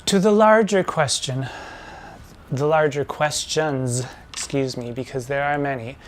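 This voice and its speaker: A man hosting a lesson and explaining things in a measured, didactic way, slowing down to spell out patterns. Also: medium pitch, slight background noise. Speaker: drag performer hosting a poetry lesson.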